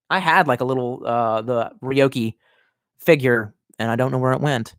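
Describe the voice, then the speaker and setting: A man's voice: mid-range voice, normal speed, no echo, clean studio sound. A man in his thirties chatting casually on a live stream, reading viewer comments and rambling with lots of swearing and self-mockery. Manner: profane, rambling, self-mocking.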